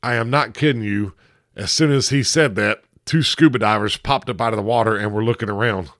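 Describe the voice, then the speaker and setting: A man's voice: fairly low pitch, fairly even intonation, fairly quick, a bit bright, no room sound, studio quality. A man hosting a podcast, telling a story in a laid-back, conversational way. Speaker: podcast host. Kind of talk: casual storytelling.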